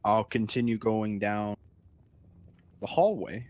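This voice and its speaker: Low-voiced man playing a tabletop game. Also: darkish tone. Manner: halting, in-character description with fillers. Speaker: player.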